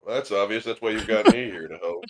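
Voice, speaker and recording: Low-voiced wisecracking man. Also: quick pace, slight background noise. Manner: dry wisecracks. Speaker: co-host on a game stream. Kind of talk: joking live-stream banter.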